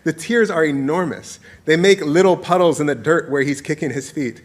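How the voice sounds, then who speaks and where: A man in his forties reading his own essay aloud to an audience, with playful, warm storytelling and frequent laughter. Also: fairly high pitch, normal speed, hardly any pauses. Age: 40s. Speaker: author.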